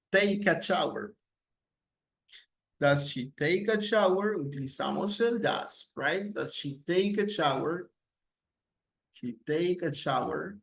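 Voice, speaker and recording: Guy teaching english questions real slow, bit high voice, goes back and forth with spanish. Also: creaky, fairly bright tone. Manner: repeats example questions with stressed rising intonation; switches between English and Spanish. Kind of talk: slow recorded grammar lesson.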